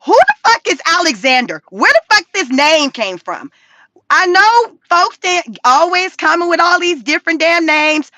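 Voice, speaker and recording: Animated, high-pitched profane woman. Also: no room sound. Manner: profane, animated, laughs often. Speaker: YouTube commentary creator. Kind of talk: casual livestream commentary.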